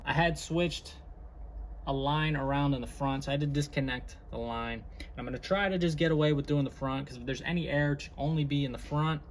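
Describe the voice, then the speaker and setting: Working on a car in his home garage, a man who vlogs about his car hobby chats casually, rambling and explaining each step as a how-to. His voice is fairly high-pitched and a little fast.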